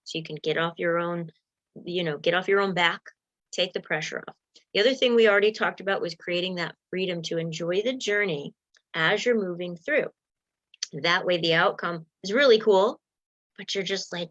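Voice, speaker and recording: A woman's voice: lowish voice, normal speed, fairly bright tone. Woman, motivational coach, encouraging, plays out inner voices, muffled recording. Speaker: mindset coach. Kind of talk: motivational talk to viewers.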